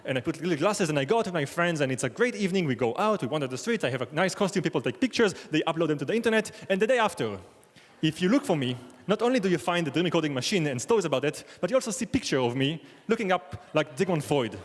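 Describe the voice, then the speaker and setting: A man's voice: fairly high pitch, expressive, fast talker. A man telling a wry, self-deprecating story live on a theater stage, acting out the people he quotes. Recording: long hall reverb.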